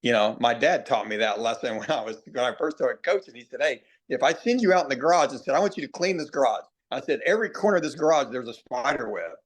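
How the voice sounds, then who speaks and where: A middle-aged man, a baseball hitting coach, talking in a podcast interview. He tells folksy stories, acts out quoted players and slows down to stress key points. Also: medium pitch, expressive. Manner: plainspoken, repeats himself, drawn-out emphasis.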